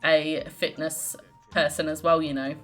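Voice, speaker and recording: A woman's voice: low voice, flat delivery, unhurried, faint music behind. Woman voicing a stern army dad. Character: strict military father, stern and disapproving.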